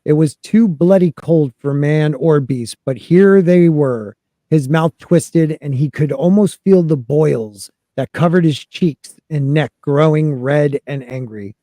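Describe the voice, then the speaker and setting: Guy reading a book chapter on a podcast, kinda high voice, warm tone, dry sound. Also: measured pace, no room sound. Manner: reads narration then jokes with panel. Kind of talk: casual reading and discussion.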